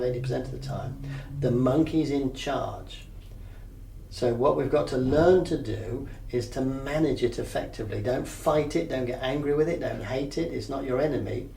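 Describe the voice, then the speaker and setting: A man's voice: medium pitch, creaky, dark tone. A man coaching a group on mindfulness in a conversational way, often checking that they follow. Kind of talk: teaching a group session. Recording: echoey room, mic at a distance.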